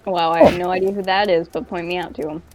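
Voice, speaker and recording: Dry-humored woman player in a tabletop game, lowish voice. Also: sing-song, quick pace, creaky, a little mellow.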